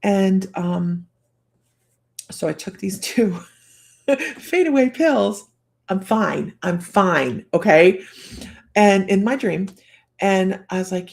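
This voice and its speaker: A woman's voice: mid-range voice, slow pace, creaky, pauses often, a little mellow. A woman hosting a psychic livestream, telling a personal story in a chatty, rambling way with frequent laughter. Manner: restarts and trails off while telling a story. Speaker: psychic host of a live stream.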